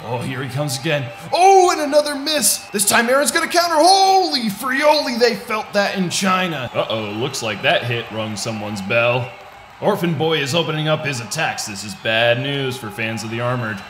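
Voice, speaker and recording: A hammy ring announcer, as a man puts him on, calling a fight in excited bursts that swing wildly up and down. His voice rings bright and shouty, belting out the action. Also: a little high, normal speed, reverberant, a little hiss or hum. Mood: hyped.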